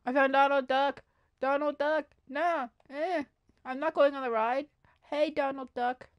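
Excitable high-voiced woman streaming a game. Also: a little slow, dull audio. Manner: excitable, gasping, talks to herself while playing. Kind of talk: casual gaming livestream chatter.

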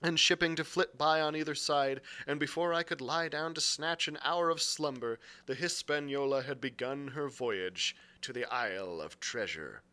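A man reading a classic adventure novel aloud, expressive, with occasional slips he corrects. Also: a little high, normal speed, few pauses. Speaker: library reader.

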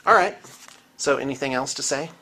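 A man's voice: mid-range voice, fairly quick, sharp tone, slight background noise. A man hosting a casual tour of a painting studio, chatty and teasing, filmed on a handheld camera. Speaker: host of a painting studio channel. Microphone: handheld camera mic.

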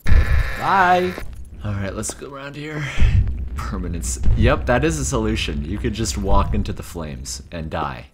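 A man giving sarcastic, jokey let's-play commentary on horror games, reacting loudly to scares. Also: on the low side, expressive, moderate pace, background noise. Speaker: gaming YouTuber. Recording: game music behind the voice. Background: game music.

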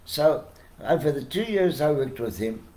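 An older man with a South African accent, telling anecdotes as a podcast guest with lively, chuckling delivery. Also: a little high, normal speed. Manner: animated, chuckling storyteller who acts out quotes. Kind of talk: casual storytelling.

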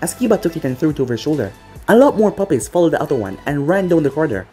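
A channel storyteller reads a fan-made anime story aloud very fast, animatedly acting out each character. The voice is mid-range, with faint music playing behind.

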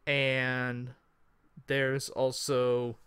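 A man running a tabletop game as game master, narrating in an unhurried way and thinking aloud. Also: medium pitch, completely flat delivery, a bit bright, clean tone, dry recording.

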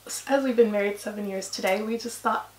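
A woman from Canada co-hosting a casual couple's vlog, chatty and quick to laugh. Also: mid-range voice, darkish tone. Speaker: vlog co-host. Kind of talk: casual chat. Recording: echoey room.

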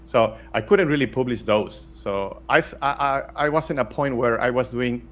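A man's voice: mid-range voice, moderate pace, fairly bright tone. A middle-aged man from Spain, talking bluntly as an interview guest with many restarts. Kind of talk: casual interview talk.

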